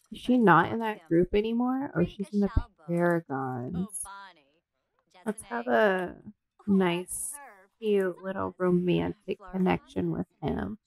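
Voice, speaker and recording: A woman hosting a let's play, commenting in an excitable, giggly and crude way. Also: on the low side, takes it slowly, creaky. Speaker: gaming video host.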